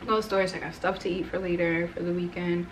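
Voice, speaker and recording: A woman's voice: fairly low pitch, level tone, fast, slight background noise. A woman in her twenties telling a personal story to her camera at home, talking casually with lots of "like" and "right?". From United States. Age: 20s. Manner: rambling, heavy use of "like" and "right?". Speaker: vlogger. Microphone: camera mic.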